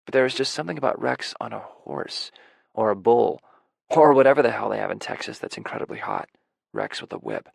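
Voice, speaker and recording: Gravelly, dry-voiced male audiobook narrator. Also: on the low side, big pitch swings, brisk, dry recording. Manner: soft, introspective, self-deprecating. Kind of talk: first-person romance audiobook narration.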